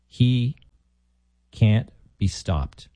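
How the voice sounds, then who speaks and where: A man's voice: lowish voice, animated, drawn-out words, warm tone, no room sound. A man filling in as a radio talk host, giving opinionated, emphatic political commentary while he thinks aloud.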